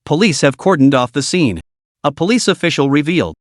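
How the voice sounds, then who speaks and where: A man reading a comic recap story as scripted narration, in a lively storytelling delivery. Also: a little high, brisk, no room sound, clean studio sound.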